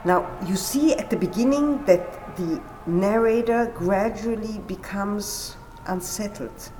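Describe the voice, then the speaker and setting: A woman's voice: medium pitch, takes it slowly, dark tone, a little hiss or hum, rough recording. A woman explaining a story in a thoughtful conversational way. She searches for words, often says "you know", and acts out quoted lines with animation. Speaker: guest speaker on literature.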